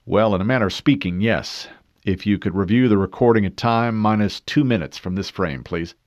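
A man's voice: on the low side, normal speed, a little mellow, no echo, close to an everyday voice. A man voicing a disciplined male super-soldier who answers stiffly and formally. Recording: dull dry studio read.

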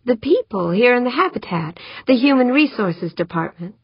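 A woman's voice: a little high, expressive, normal speed, husky, no echo, pitched above the performer's own voice. A woman reading the part of a patient, encouraging young woman official in an audiobook. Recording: dry, dull lo-fi audiobook recording.

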